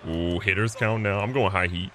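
A young man casually commentating his own baseball video game, excitable and joking, swinging between hype and mock despair. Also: deep voice, moderate pace, background noise. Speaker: gaming channel host. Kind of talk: live gameplay commentary.

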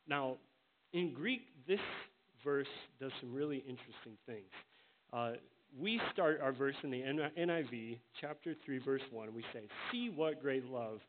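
A man preaching a sermon as pastor, earnest and emphatic, slowing down to stress the words he quotes. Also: medium pitch, lively intonation. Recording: tinny phone-like sound with faint hiss.

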